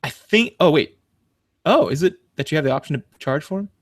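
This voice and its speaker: A male podcast host talks a little fast in a slightly high voice, rambling with fillers and restarts and laughing as he tells animated stories. The studio-quality recording carries no room sound.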